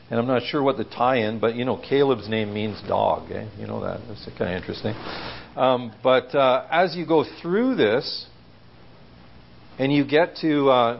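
Gravelly man giving a chatty sermon. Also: fairly high pitch, lo-fi sound. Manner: conversational, asks the listeners questions. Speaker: preacher. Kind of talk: informal sermon. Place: church.

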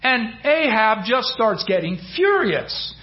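Man, high voice, informal sermon, rambling storytelling with fillers, dull lo-fi church recording. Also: very animated, slow. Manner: storytelling with fillers and restarts, acting out quotes. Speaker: Bible teacher.

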